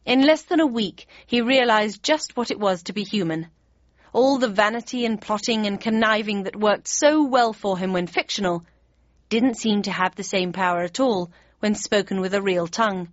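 A woman reading a novel aloud in the first person, in a wry, measured storytelling manner. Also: medium pitch, no echo, muffled recording. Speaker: audiobook narrator. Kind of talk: scripted first-person narration.

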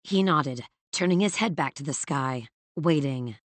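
A woman narrating an audiobook in a measured, even storytelling manner. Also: low voice, no room sound. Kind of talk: scripted narration.

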